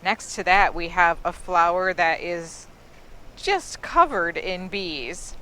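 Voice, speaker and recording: A woman's voice: lowish voice, expressive, slow pace, sharp tone, clean tone. A woman giving a casual, enthusiastic tour of an outdoor garden, admiring the plants in a chatty way. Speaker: gardening vlogger.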